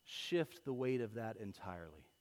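A man preaching a sermon as pastor, telling everyday stories in a lively way that swings from loud to hushed. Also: fairly low pitch, moderate pace. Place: church sanctuary. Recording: long hall reverb.

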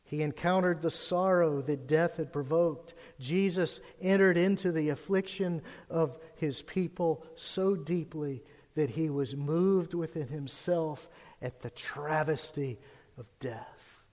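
Man preaching in a reverberant hall. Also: takes it slowly. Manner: earnest preaching, voice dropping low and soft on scripture. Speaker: pastor. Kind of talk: sermon.

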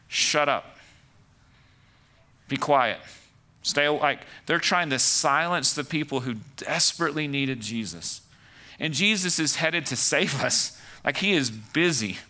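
A man's voice: medium pitch, sharp tone. A man preaching a conversational sermon as pastor, full of "like" and "right" asides.

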